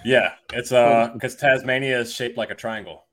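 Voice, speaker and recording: A man's voice: mid-range voice, steady tone, normal speed, very noisy. A man guesting on a podcast, speaking bluntly with crude, dry humor. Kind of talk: casual podcast banter.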